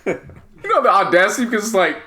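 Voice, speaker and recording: A man's voice: high voice, crowd noise. A man co-hosting a casual sports podcast, telling stories animatedly and laughing often. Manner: animated storytelling, quick retorts, laughs often. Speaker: podcast co-host. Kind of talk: casual chat.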